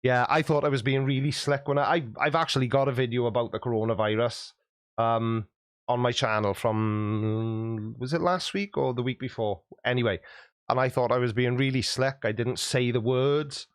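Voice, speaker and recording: A man's voice: mid-range voice, steady tone, normal speed, no echo, studio quality. Jokey man reading live chat. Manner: chatty, jokey, self-deprecating. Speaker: YouTube host. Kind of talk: livestream chat reading viewer comments.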